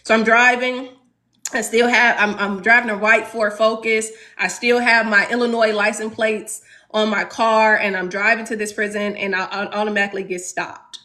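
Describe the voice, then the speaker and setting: A woman from Chicago's South Side in her thirties, earnestly telling a class a personal story and pausing on rhetorical questions. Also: fairly high pitch, little pitch movement, bright, forceful tone. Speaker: teacher leading a class discussion.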